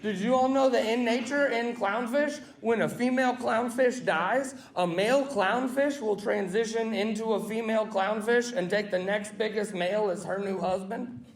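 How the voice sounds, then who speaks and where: High-voiced brash stand-up comedian. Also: male voice, moderate pace. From US South. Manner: brash, profane, shouting punchlines. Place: comedy club stage with live audience. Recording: echoey club with loud crowd laughter.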